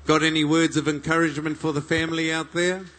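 A man's voice: level tone, fast talker. A man, working as a live event MC, rousing the crowd and joking with competitors. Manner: loud, jokey, booming crowd-rousing. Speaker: event MC and interviewer. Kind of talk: live arena announcing and interviews.

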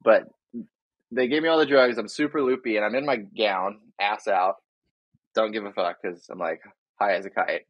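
A man's voice: lowish voice, moderate pace, no room sound, highs cut off. A young man, a surfer guest on a podcast, talking in a loose, laid-back way with lots of fillers. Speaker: guest, big wave surfer. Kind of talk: casual interview chat.

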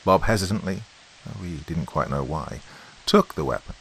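Low-voiced man narrating a horror story. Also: normal speed, vocal fry, a little hiss or hum, rough recording. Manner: dramatic, lively storytelling. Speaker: host and narrator.

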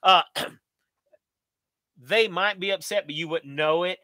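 A folksy middle-aged man from the answers viewer questions on a live stream. His voice sits high and bright, recorded close and dry. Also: a little slow, dry recording. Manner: folksy, upbeat, talks straight to viewers. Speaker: channel host.

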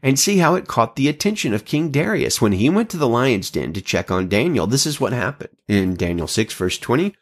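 A man teaching a Bible passage in an earnest, animated way, with a brief joke. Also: medium pitch, fairly quick, few pauses. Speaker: pastor.

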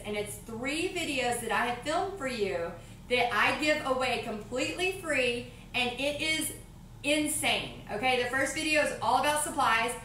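A woman with a Texan accent chats casually and upbeat on a live painting stream from her home art studio, reading viewer comments aloud. Her voice sits high and sounds bright and forceful, but she's far from the mic, a bit off-mic, with roomy echo and slight background noise.

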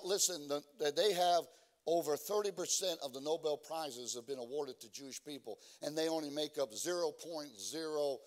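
In a church, a man with a slightly high voice preaches a sermon as a guest preacher. He stumbles through fillers and restarts before building up to loud, emphatic preaching.

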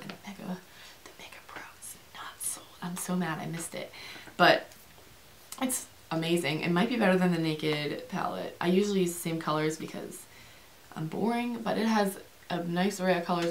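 A young woman chatting fast and rambling through a beauty product review, with many fillers and restarts, speaking to camera. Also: lowish voice, a little hiss or hum. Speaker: beauty vlogger.

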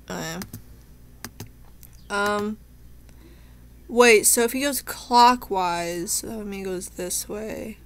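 Speaking slowly and pausing often, the young streamer narrates her gameplay to herself in chatty, emotional let's play commentary. She is tearful and shaken. Her voice sits in the mid range.

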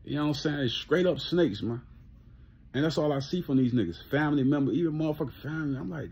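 A man's voice: medium pitch, expressive, quick pace, darkish tone, husky, highs cut off. A man ranting casually to camera, blunt and profane, often repeating himself and laughing. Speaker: vlogger.

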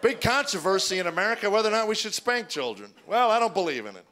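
A middle-aged man doing stand-up, telling deadpan stories and acting out his kids' voices before a live audience. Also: high voice, fast, a faint crowd. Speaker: stand-up comedian. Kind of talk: stand-up comedy routine. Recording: live show with audience noise.

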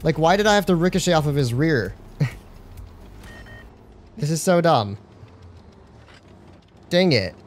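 A young man doing live gameplay commentary on a stream, excitable and slangy, joking and talking to his chat. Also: fairly high pitch, a little slow, long pauses.

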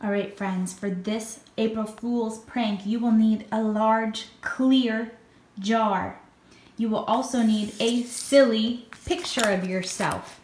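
A woman's voice: a little high, fairly even intonation, a little mellow. A woman teacher explaining a craft project to children step by step. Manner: slow, step-by-step instructions. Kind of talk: craft demonstration for kids. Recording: echoey room, faint noise.

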